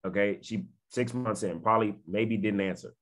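A man's voice: on the low side, normal speed, a bit bright. A man giving an emphatic motivational talk on a video call, repeating phrases and often checking in with his listeners. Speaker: network marketing speaker.

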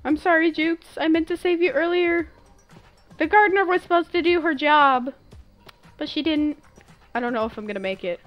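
A young woman streamer reacting dramatically to a game as she plays, scolding her teammates and shouting out. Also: high voice, normal speed, long pauses, dull audio, faint music behind. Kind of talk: live game commentary.

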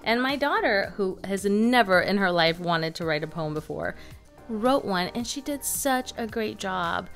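A woman co-hosting a casual curriculum review, talking in a chatty, lively way with frequent fillers. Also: mid-range voice, unhurried, creaky, faint music behind. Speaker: homeschooling mom and channel co-host.

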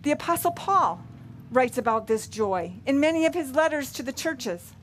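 A woman pastor preaching a sermon in an earnest, measured way, asking rhetorical questions. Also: high voice, animated, a little hiss or hum. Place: church sanctuary.

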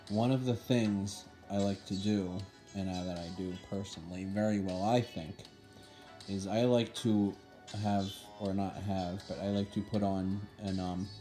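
A man hosting his own gaming channel, talking casually and haltingly with many fillers and restarts. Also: deep voice, mellow. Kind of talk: casual gameplay commentary. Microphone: no headset mic.

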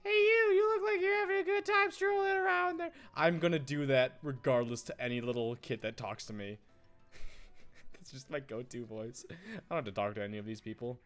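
A man hosting a let's play, giggly and rambling, easily sidetracked while chatting through the game. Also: medium pitch. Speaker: gaming channel host.

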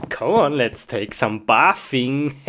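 A woman acting out a comedic skit as an excitable gamer, exclaiming and yelping in broken English phrasing. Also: rumbling low.

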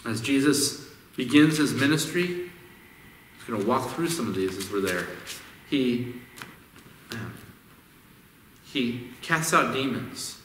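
A man's voice: mid-range voice, expressive, slow, pauses often, fairly bright tone, a little hiss or hum. A male pastor preaching a conversational sermon, often repeating words as he restarts his phrases. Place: church sanctuary. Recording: echoey hall, distant mic.

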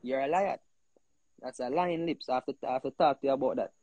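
A man with a Jamaican accent, hosting a heated casual talk, animated and emphatic, often repeating himself. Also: mid-range voice, rapid-fire, no echo, highs cut off. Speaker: host.

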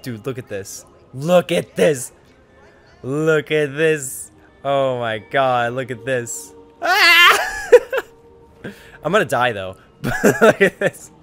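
A man streaming a video game, joking, swearing and excited, a little drunk. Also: mid-range voice, slow, soft background music. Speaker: gamer streamer. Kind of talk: casual let's-play commentary.

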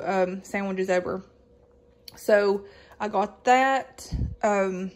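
A woman, casually chatting through a grocery haul with lots of ums and folksy asides. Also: mid-range voice. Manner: rambling with many ums, folksy Southern-style exclamations. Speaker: vlogger showing a grocery haul. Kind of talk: casual chat.

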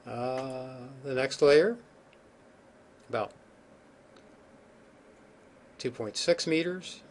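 A man's voice: mid-range voice, drawn-out words, a little hiss or hum. A man giving a recorded geophysics lecture over slides, informal and thinking aloud, with many ums and restarts.

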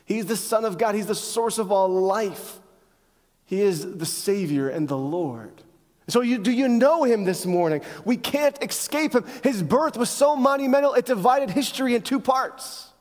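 A male pastor preaching a sermon to a congregation, driving points home with rhetorical questions and emphatic pauses. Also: sits high, lively intonation. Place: church sanctuary. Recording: long hall reverb.

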